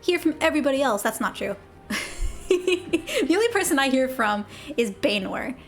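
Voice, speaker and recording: Young female streamer, bright high-ish voice, casual and talkative, reads dialogue in character. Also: sing-song, normal speed, soft background music. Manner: chatty, laughs easily, reads game dialogue aloud in character. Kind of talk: casual live gameplay chat.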